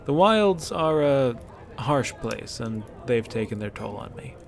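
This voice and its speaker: A man's voice: mid-range voice, expressive, measured pace, creaky. A man voicing a tired young hunter who speaks in a hesitant, formal way. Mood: thoughtful.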